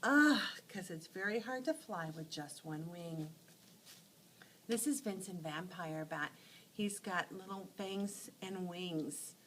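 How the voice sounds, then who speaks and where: A woman teacher telling short animal stories to teach letter sounds, acting out each sound with lively expression. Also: on the low side, slow, slight background noise, poor audio. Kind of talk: phonics lesson storytelling.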